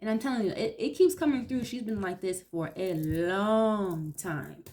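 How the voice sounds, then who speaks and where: Speaking at a normal speed in a medium-pitched, somewhat dark voice, a young woman does a laid-back tarot reading. Each card draws a blunt, profanity-laced reaction from her.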